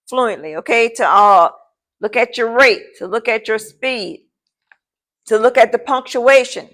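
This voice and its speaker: Slightly high-voiced woman teaching a class. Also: fairly bright tone. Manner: repetitive, checking in with "okay?" and "all right?"; informal, addresses the class as "y'all". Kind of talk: classroom lesson.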